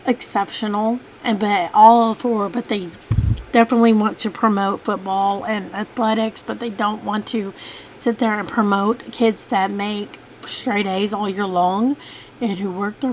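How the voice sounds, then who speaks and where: A woman's voice: mid-range voice, a little hiss or hum, poor audio. A woman telling a long, rambling personal story as a mother in a casual vlog, with many fillers and restarts. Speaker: vlogger, mother.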